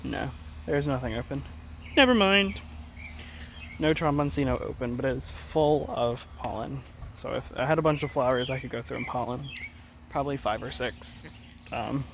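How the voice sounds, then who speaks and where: A man's voice: medium pitch, gravelly. A man giving a casual, rambling garden tour vlog, often correcting himself mid-sentence. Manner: rambling, self-correcting, chatty. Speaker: gardening vlogger. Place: outdoor garden. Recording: outdoor noise, sometimes far from mic. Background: birds and rural outdoor ambience.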